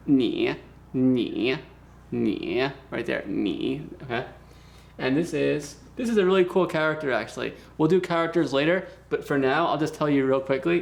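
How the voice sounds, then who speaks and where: A man teaching a beginner language lesson in a relaxed, chatty way, repeating words slowly for practice. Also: fairly high pitch, gravelly. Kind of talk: casual spoken lesson.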